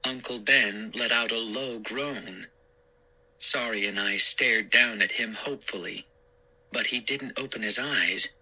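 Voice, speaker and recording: A man narrating a scary story in a slow, deliberate, suspenseful way. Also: mid-range voice, pushed and bright, low-quality recording. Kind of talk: scripted horror story narration.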